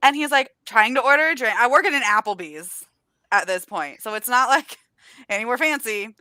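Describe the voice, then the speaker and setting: A young woman with a bright, fairly high voice tells stories on a video call. She acts out the customers and the people in her stories. The sound is dry and close. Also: normal speed, smooth, dry recording. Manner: lively storyteller, acts out customers. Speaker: booktuber guest. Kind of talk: casual chat on a live stream.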